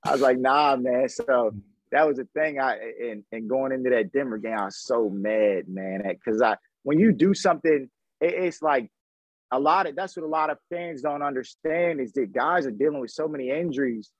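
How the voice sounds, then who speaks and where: Former pro athlete guest, thirties, loose slangy storytelling, husky, dry close mic. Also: male voice, medium pitch, moderate pace, dry recording, poor audio. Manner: animated, slangy storyteller acting out quoted dialogue. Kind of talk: casual interview storytelling.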